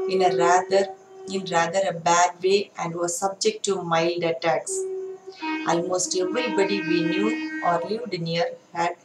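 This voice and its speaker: A woman with an Indian English accent, teaching English by reading a story aloud and then explaining it in simple words. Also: lowish voice. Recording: echoey room with faint noise.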